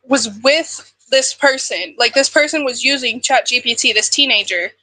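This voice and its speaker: A woman in a panel chat who recounts things earnestly and in a hurry. Her voice sits fairly high and sounds bright, and it is recorded with a dry, close sound. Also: moderate pace, hardly any pauses, no echo, rough recording. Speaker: panel guest.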